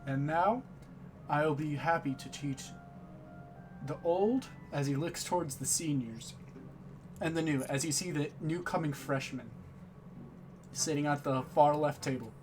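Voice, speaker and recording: Slow, deliberate man running a tabletop game. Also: fairly high pitch, soft background music. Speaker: game master.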